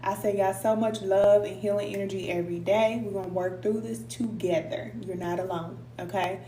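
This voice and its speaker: A woman's voice: mid-range voice, steady tone, brisk, dark tone. A middle-aged woman hosting a casual live stream, talking informally with viewers, laughing often and reading out their comments. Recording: echoey room with faint hum.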